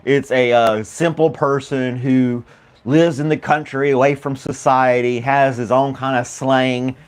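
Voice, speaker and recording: A man's voice: medium pitch, little pitch movement, a little slow, clear, resonant tone. A man from the United States hosting a casual morning talk show, rambling and laughing often, with many fillers. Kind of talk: casual chat with live chat viewers.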